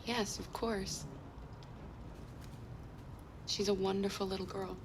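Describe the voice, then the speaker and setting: A woman's voice: mid-range voice, level tone, takes it slowly, background noise, lightly acted. An actress voicing a protective young woman caretaker in a game, earnest and caring, over game music. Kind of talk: game voice acting.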